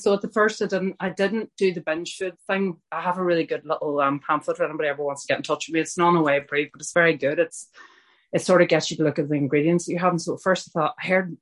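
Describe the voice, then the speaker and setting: Her voice on the lowish side, a middle-aged woman from Ireland opens up about her recovery at a support meeting. She speaks candidly with self-mockery and frequent chatty digressions.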